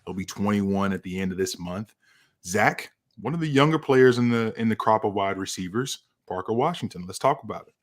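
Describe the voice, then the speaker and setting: A man's voice: fairly low pitch, lively intonation, fairly quick. A man steering a podcast chat who teases his co-hosts and hands off questions. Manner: playful, teasing, hands off questions. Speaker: podcast co-host, moderator. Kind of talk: casual podcast banter.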